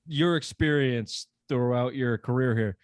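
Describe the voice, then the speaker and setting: A man's voice: medium pitch, measured pace, clear, resonant tone, no echo, studio quality. A man hosting a sports podcast, asking loose, profane questions in casual chat. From Boston area.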